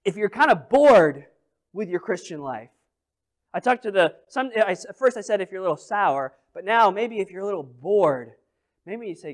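A high-voiced male pastor preaching, with his pitch sitting well above most men's. He tells the story in an animated way, dropping almost to a murmur and then rising loud as he plays out each scene. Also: normal speed. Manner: animated storytelling with big swings in volume; acts out scenes and quotes with playful voices. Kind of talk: sermon.

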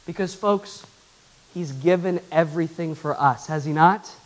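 Male pastor, sermon, higher voice, animated, loud bursts, hushed appeals. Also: a little slow. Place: church.

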